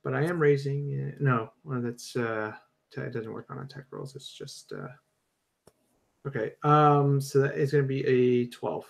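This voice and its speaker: A man playing a tabletop game, narrating his turn hesitantly with many pauses and fillers. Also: mid-range voice, big pitch swings, gravelly. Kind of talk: casual tabletop play.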